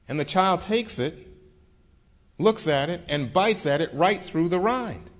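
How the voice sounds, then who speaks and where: A man with a slightly higher voice recounting a true story in a vivid, dramatic way, pacing his scenes and acting out the people in them. He speaks as a storyteller holding a room. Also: animated, a little slow. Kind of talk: storytelling talk.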